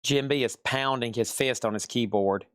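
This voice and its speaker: A man's voice: medium pitch, normal speed, fairly bright tone, no room sound, clean studio sound. A man with a Southern US accent hosting a live sales stream, chatty and repeating prices and buyer names.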